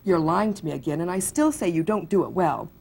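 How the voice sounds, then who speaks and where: A woman reading aloud from a romance novel, voicing an indignant and smug young gentleman. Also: fairly low pitch, expressive, fairly quick, vocal fry, husky, exaggerated voice. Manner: loud and indignant.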